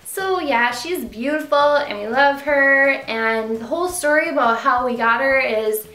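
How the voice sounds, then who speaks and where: A young woman chatting in a casual home vlog, gushing about her puppy and slipping into high baby talk. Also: measured pace, a bit bright, echoey room. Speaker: beauty vlogger. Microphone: camera with ring light.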